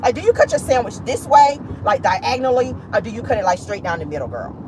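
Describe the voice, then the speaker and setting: Brief: vlogger doing a high, sing-song, gossipy jailbird, swooping all over; noisy car. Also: sing-song, quick pace. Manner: high, sing-song, flamboyant chatter full of "girl" and "like". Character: jailed man turned girly and gossipy, chattering.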